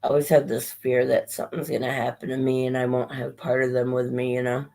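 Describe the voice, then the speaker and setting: A woman's voice: a bass voice, little pitch movement, fast talker, gravelly, darkish tone, low-quality recording. A woman talks loosely to her livestream viewers, drifting from one thought to the next and cursing now and then. Her voice is strained, and she runs short of breath as she goes. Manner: rambling, chatty, swears casually, greets viewers by name. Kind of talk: casual livestream chat.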